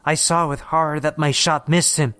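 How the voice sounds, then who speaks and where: A man reading a horror story aloud in steady, measured scripted narration. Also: a little high, clean tone, dry recording.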